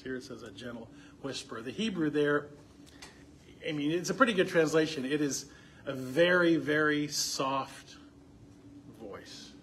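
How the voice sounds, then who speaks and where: A man's voice: medium pitch, a little hiss or hum. Conversational man teaching scripture to a group. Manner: asks the group questions, reads scripture aloud with rising emphasis. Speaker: pastor leading a Bible study.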